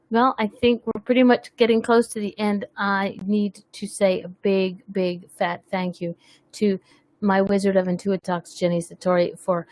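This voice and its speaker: A woman's voice: medium pitch, a little mellow, no echo. A woman hosting a webcast, chatting casually, teasing herself and laughing often. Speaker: webcast host. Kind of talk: casual chat.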